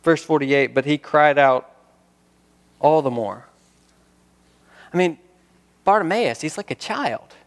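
A man preaches a sermon in a relaxed, conversational way. His voice sits slightly high, and he mixes scripture reading with rhetorical questions. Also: slow pace, long pauses, big-room sound. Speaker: pastor.

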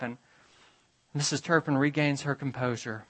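A man preaching a sermon, retelling a story dramatically and moving between urgent, rising passages and hushed, drawn-out ones. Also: mid-range voice, poor audio. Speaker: pastor.

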